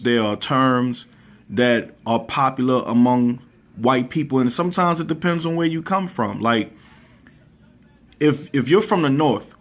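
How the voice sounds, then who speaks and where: A man from Baltimore hosting his own channel, giving his opinions in a relaxed, thoughtful way with frequent pauses and ums. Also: mid-range voice. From Baltimore, USA. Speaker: channel host. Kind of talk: casual opinion vlog.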